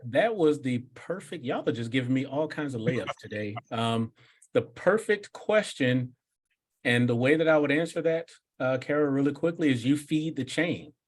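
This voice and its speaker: A man hosting a business workshop, answering questions in an energetic, conversational coaching manner. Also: mid-range voice, normal speed. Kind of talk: live workshop Q&A.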